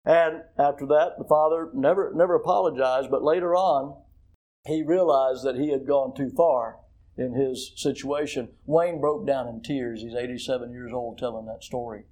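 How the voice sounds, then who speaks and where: A man preaching a sermon, telling stories and moving from hushed tones to loud, emphatic questions. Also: medium pitch, fairly even intonation, normal speed, rough recording. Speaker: pastor.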